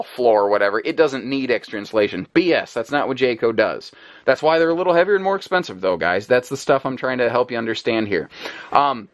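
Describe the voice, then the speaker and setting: Chatty man touring an RV. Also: fairly high pitch. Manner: conversational, explanatory with restarts. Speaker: RV reviewer. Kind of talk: walkthrough demonstration. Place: inside an RV.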